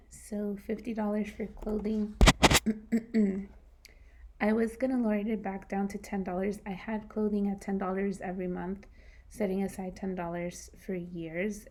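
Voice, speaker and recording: A woman losing her voice talks through her monthly budget in a casual, soft-spoken way, sometimes dropping to a whisper, on a new microphone. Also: mid-range voice. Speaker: personal finance vlogger.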